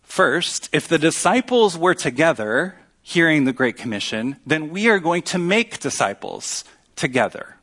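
A man preaching a sermon as pastor, earnest and teaching, with emphatic pauses. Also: fairly high pitch, very animated, a bit bright.

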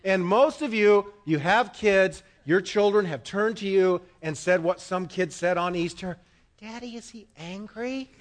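A middle-aged male pastor preaching in a church, swinging from loud proclaiming to quiet asides with the congregation. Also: high-pitched, a little slow, few pauses. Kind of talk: sermon. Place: church sanctuary. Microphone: microphone.

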